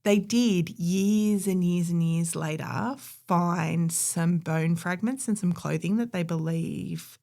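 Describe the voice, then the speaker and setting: Gravelly low-voiced woman. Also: takes it slowly, few pauses, dark tone. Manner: chatty, conversational, opinionated. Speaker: podcast co-host. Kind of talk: casual storytelling chat.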